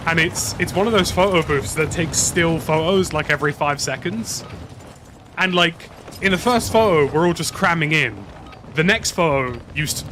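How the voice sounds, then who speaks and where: A man's voice: a little high, a bit bright. A British man casually telling a rambling, slang-heavy story while playing a game. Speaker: gaming YouTuber. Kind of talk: casual anecdote over gameplay. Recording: game sound noise under voice.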